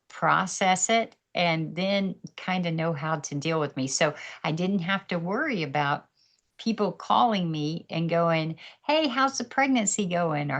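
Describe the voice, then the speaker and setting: A woman's voice: on the low side, gravelly, a bit bright. A woman guest on a podcast, telling her story candidly with faith, laughing often and acting out other people's voices, heard over a video call.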